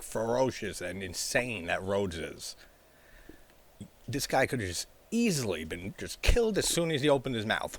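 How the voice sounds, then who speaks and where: Low-voiced man rambling about a film. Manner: rambling, fills with "like", laughs often, swears freely. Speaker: horror movie reviewer. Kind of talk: casual film discussion.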